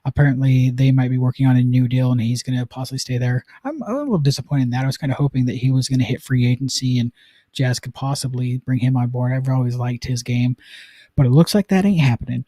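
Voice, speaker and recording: A man's voice: medium pitch, fast, dark tone, dry recording. A man from Utah hosting a casual live-streamed sports talk show, chatting loosely with plenty of fillers. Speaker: sports podcast host.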